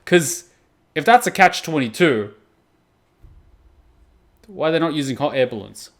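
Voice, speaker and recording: A young man hosting an anime reaction video, chatting casually with plenty of swearing and sudden loud outbursts. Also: on the high side, a little slow. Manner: profane, animated, breaks into loud outbursts.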